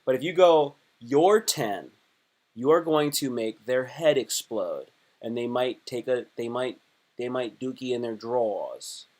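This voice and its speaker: A man's voice: mid-range voice, a little slow. A young adult man, a comedian, talking casually and animatedly on a livestream with lots of restarts. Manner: chatty, animated, rambling with restarts. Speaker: comedian and live streamer.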